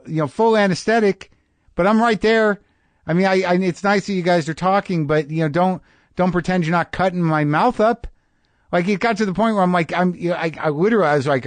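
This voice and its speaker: Male comic podcast host, rambling and self-deprecating, slightly high voice. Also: brisk, dry recording. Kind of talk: casual comedic monologue.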